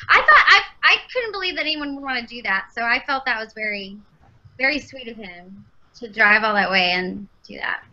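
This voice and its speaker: A woman's voice: fairly high pitch, pushed and bright, lo-fi sound. A woman voice actress chatting as a podcast guest, rambling with lots of fillers. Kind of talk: casual podcast chat.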